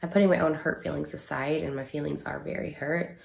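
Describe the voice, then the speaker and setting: Low, gravelly woman, halting emotional statement, echoey room. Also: fairly even intonation. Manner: halting, many fillers and restarts. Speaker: online creator giving a statement. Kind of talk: emotional personal statement video.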